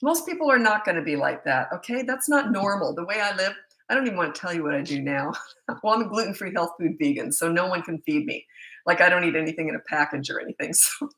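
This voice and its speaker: A woman's voice: fairly low pitch, lively intonation, fast, sharp tone, poor audio. A middle-aged woman parenting coach chatting and telling stories in a live webcam Q&A, laughing often. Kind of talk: live Q&A chat from home on webcam. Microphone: laptop webcam.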